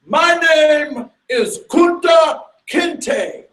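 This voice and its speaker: A man voicing a proud young captive boy who states his name slowly, in an echoey room. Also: extremely high pitch, lively intonation, fairly bright tone, voice pushed up, exaggerated voice. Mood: proud defiant. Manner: slow, proud declaration.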